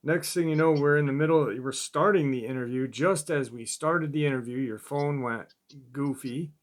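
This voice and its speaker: A man hosting an interview who speaks in a halting, soft-spoken way with many fillers. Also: a little high. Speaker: podcast host, interviewer. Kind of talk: casual interview chat.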